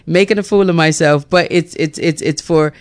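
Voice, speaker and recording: A woman's voice: deep voice, normal speed, clear, resonant tone. A woman morning radio host chatting casually on air and often laughing at herself.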